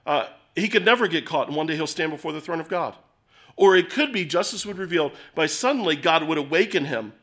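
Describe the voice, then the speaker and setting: Bright-toned preacher, emphatic and urgent. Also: male voice, on the high side. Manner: emphatic, swings from loud urging to hushed storytelling. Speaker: pastor. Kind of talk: sermon.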